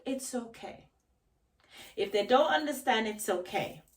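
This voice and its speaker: A woman's voice: mid-range voice, a bit bright, far from the mic, low-quality recording. A woman vlogger giving a reflective talk on self-knowledge, emphatic, asking rhetorical questions and repeating key phrases. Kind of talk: reflective solo talk to camera.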